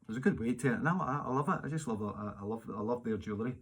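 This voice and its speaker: A man's voice: mid-range voice, racing, slightly rough. A middle-aged man with a Glaswegian accent, chatting casually as he answers fan questions at home, rambling with many fillers and restarts. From Scotland. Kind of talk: casual solo Q&A video. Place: home during lockdown.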